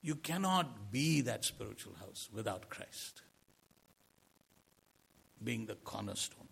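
A man's voice: medium pitch, sing-song, a little slow, gravelly, a bit bright, husky. A man preaching a sermon in an earnest way, asking rhetorical questions and swelling into emphasis.

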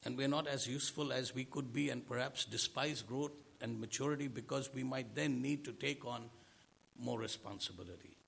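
Husky, gravelly-voiced preacher man. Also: mid-range voice, normal speed, fairly bright tone. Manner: preaching with rhetorical questions to the congregation. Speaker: pastor. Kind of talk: sermon.

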